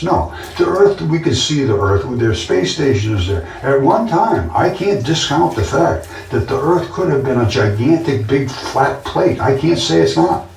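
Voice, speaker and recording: A man vlogger speaks in a casual monologue with a medium-pitched, sing-song, unhurried, slightly mellow voice. Earnest and insistent, he repeats himself often while telling his story, recorded roomy and distant from the mic.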